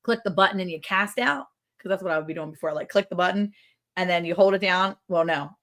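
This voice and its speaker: A chatty woman co-hosting a casual livestream, laughing often as she reads out comments. Her voice sits a little low for a woman. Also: fast, a bit bright. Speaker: livestream co-host.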